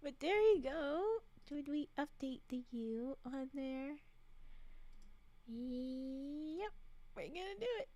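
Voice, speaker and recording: A woman's voice: high voice, lively intonation, slow pace, mellow. A woman streamer chatting casually with her viewers, giggly and chatty. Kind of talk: casual livestream chat.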